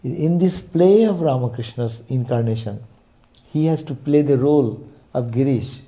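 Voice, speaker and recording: A man's voice: medium pitch, normal speed, dark tone. A man giving a spiritual sermon, telling stories and checking in with rhetorical asides. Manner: storytelling, frequent rhetorical "eh?". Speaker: spiritual teacher.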